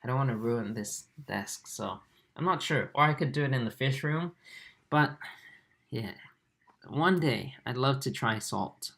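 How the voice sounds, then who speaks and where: A young man with an Australian-tinged accent, hosting a casual livestream and answering viewer comments in a relaxed way, with lots of fillers and restarts, recorded on a laptop mic. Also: medium pitch, a little slow, gravelly. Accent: Australian-tinged English. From Japan and Singapore. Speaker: aquarium channel host.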